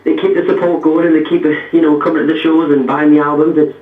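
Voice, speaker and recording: A man's voice: fairly high pitch, level tone, quick pace, far from the mic. A young man with a Geordie accent, a pop singer chatting casually as a radio guest, with lots of fillers and restarts. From North East England. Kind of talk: radio interview by phone. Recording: tinny echoey phone line.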